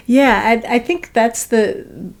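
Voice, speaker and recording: A woman's voice: on the high side, expressive, slow pace. A woman co-hosting a podcast, talking things through thoughtfully with hesitant fillers and light laughs. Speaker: podcast co-host. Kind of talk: casual chat.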